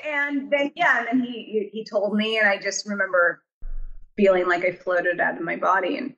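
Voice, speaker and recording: A woman speaks at an ordinary middle pitch as an interview guest. She tells her story in a chatty flow with many fillers. She slips into quoted voices as she recounts what people said. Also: steady tone, normal speed, fairly bright tone, highs cut off. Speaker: writer and director, guest.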